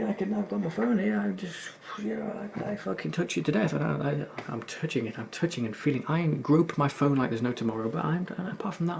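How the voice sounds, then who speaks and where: A man's voice: fairly high pitch, creaky, darkish tone, slight background noise. A young man hosting a gaming video, rambling in casual sardonic commentary and swearing often. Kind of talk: casual commentary while playing.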